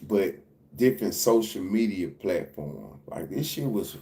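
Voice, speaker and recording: Male streamer, deep-ish and mellow, loose repetitive commentary. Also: animated, unhurried. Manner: loose, repetitive, profane street talk. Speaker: livestream reaction host. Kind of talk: casual livestream commentary.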